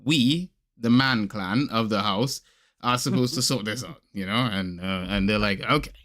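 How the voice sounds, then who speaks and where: A man's voice: on the low side, unhurried. A man hosting a podcast, chatting casually and acting out voices as he tells stories about his day. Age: adult father of young boys. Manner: animated storyteller, acts out voices in anecdotes. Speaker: podcast host. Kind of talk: casual chat.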